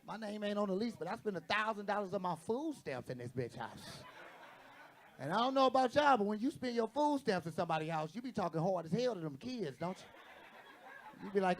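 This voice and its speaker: A man's voice: sits high, big pitch swings, a little fast, a little hiss or hum. A man doing a stand-up set on a comedy stage, brash and profane, acting out the people in his stories. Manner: brash, profane, acts out quoted voices. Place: comedy stage with live audience.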